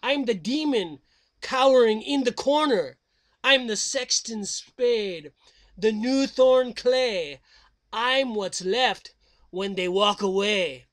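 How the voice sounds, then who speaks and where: A man voicing a theatrical, menacing male vampire count who declaims slowly and dramatically and cackles. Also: high voice, fairly bright tone.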